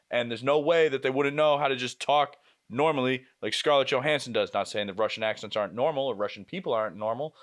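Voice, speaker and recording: Bright, clear-voiced young man reviewing movies. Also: fairly low pitch. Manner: blunt, swears freely, quick asides. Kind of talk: casual monthly movie recap vlog.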